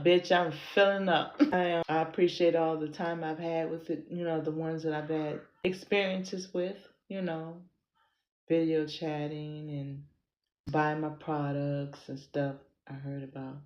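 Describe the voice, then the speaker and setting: Hosting her own podcast, this American content creator talks in a rambling monologue that is casual, blunt and frequently profane. Her low voice is a little mellow, and the lo-fi recording has a roomy echo.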